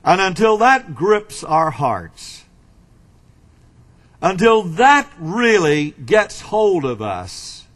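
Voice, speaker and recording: A man preaching a sermon in a slow, emphatic way, with dramatic swings between loud and quiet. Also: high voice, very animated.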